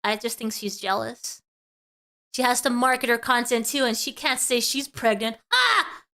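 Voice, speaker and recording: Female streamer, smooth clear voice, chatty reaction commentary. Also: a little high, animated, normal speed, sharp tone. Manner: chatty, reacts aloud to clips and chat. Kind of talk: casual reaction stream chat.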